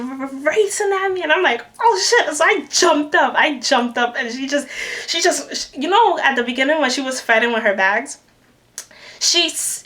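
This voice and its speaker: A young woman in a storytime vlog, animated and acting out the people she quotes. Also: a little high. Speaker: vlogger. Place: New York City.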